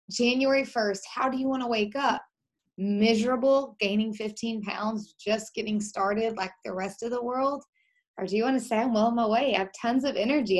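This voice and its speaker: A woman hosting an online community event, speaking in an upbeat, encouraging and emphatic way. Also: on the high side. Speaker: host of an online weight-loss group event. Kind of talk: motivational hosting.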